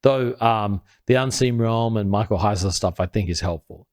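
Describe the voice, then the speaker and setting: A man talks through a scripture passage as if teaching friends at a table. He is earnest and builds his point step by step. His voice sinks low and soft whenever he quotes a verse. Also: normal speed. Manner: drops quiet and low when quoting scripture. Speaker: podcast co-host. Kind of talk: conversational Bible teaching.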